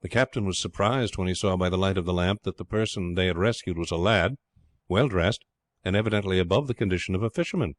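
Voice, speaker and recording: Low-voiced male audiobook narrator. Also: no room sound. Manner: steady, measured reading. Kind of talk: scripted narration.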